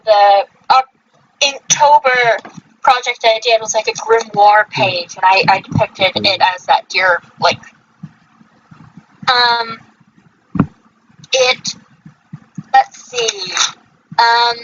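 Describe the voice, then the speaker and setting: A woman's voice: on the high side, fairly bright tone, lo-fi sound, slight background noise. A woman hosting a casual livestream podcast, reading from her research notes and stumbling over unfamiliar names. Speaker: podcast host.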